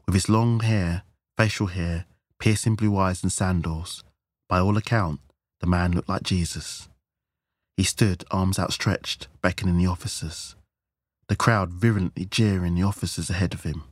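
A man reading a science fiction novella aloud in a measured storytelling manner. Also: sits low, steady tone, no room sound. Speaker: audiobook narrator. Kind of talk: scripted narration.

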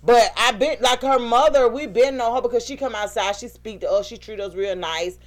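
A woman co-hosting a casual talk show, telling animated stories, laughing often and acting out what people said. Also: fairly high pitch, fairly quick. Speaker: podcast co-host. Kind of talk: casual chat.

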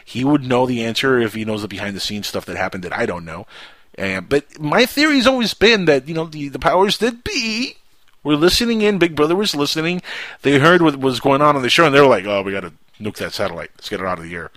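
A man's voice: on the high side, lively intonation, brisk, fairly bright tone, no echo. A man hosting a casual radio talk show, rambling and jokey. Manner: rambling, jokey storyteller who slips into impressions.

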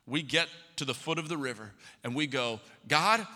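A man's voice: on the high side, expressive, normal speed, hardly any pauses, pushed and bright. A man, preaching a sermon as pastor and telling stories, acting out the voices he quotes. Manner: storytelling, acts out quoted voices. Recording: long hall reverb.

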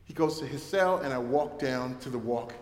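A man's voice: medium pitch, moderate pace, darkish tone. A man preaching a sermon, telling a story and building toward a rising preacher's cadence. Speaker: pastor. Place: church sanctuary. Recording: echoey church hall.

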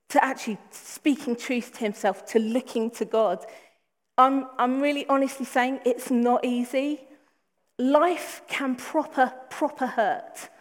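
A woman preaching a sermon, earnest and emphatic, repeating phrases for weight. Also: a little high. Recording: long hall reverb.

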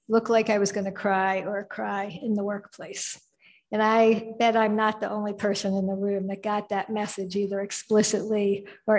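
Woman moderating a conference panel. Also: mid-range voice. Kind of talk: panel discussion. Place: conference hall.

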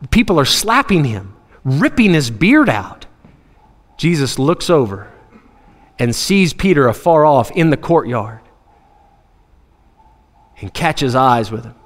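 A man preaching a sermon, animated, acting out Bible scenes in different voices and laughing often. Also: on the high side. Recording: long hall reverb.

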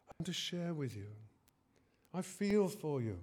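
A man's voice: a little high, very animated, normal speed, a little mellow, slightly rough. A man preaching a sermon in an earnest way, often hesitating and rising in force on key phrases.

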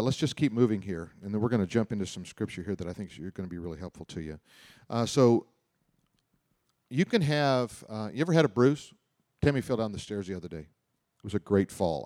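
A man's voice: fairly low pitch, brisk, darkish tone, dry recording. Middle-aged pastor man rambling through a sermon like he's chatting, lots of "you know", dry sound. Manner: conversational storytelling, many repetitions and asides. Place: church auditorium.

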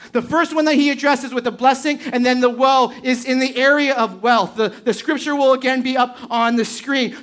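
High-voiced woman preaching with emphasis. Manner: emphatic, with rhetorical questions to the congregation. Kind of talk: sermon. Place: church service before a congregation.

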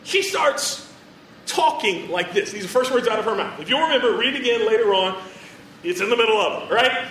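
A man's voice: high voice, animated, fairly quick, bright, forceful tone, echoey room, recorded from a distance, a little hiss or hum, poor audio. A man preaching a sermon in a chatty, joking storytelling way, full of fillers.

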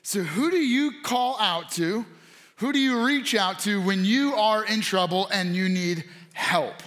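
A man in his thirties preaches from the pulpit with a high-pitched voice. He tells stories in a loose, conversational way and acts out the quotes. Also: a little slow, a bit bright. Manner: casual storytelling with acted quotes. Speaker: pastor. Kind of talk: sermon.

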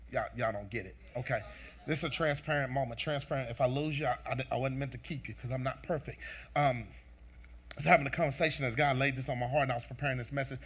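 A man's voice: a little high, gravelly, a bit bright, husky. A male pastor preaching a sermon with fervent, repeated emphatic phrases, speaking straight to his congregation.

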